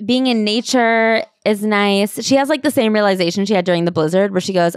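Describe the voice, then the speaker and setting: A woman's voice: mid-range voice, fairly even intonation, clean tone, no echo. Woman podcast co-host, scornful and blunt, dry studio recording. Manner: blunt, scornful, quick to laugh. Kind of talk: casual comedic book recap.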